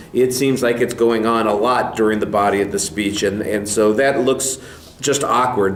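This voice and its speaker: A male speech instructor giving candid, measured spoken feedback to a student in a classroom. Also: on the low side. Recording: echoey room, faint hum.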